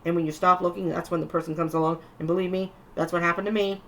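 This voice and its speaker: Gravelly-voiced woman reading tarot. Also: lowish voice, steady tone, quick pace, a bit bright, a little hiss or hum. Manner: chatty, reassuring, with frequent restarts. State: tired. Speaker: tarot reader.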